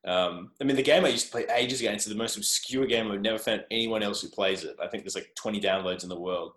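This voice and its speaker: A man's voice: lowish voice, quick pace, fairly bright tone. An Australian man chatting as a podcast guest, rambling and self-deprecating. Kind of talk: casual interview chat. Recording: roomy echo.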